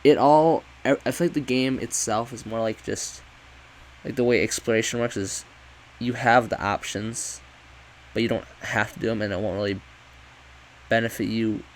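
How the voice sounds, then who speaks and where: A man's voice: mid-range voice, steady tone, normal speed, a little hiss or hum, poor audio. A man giving a rambling, profane, casual review of a video game, often correcting himself.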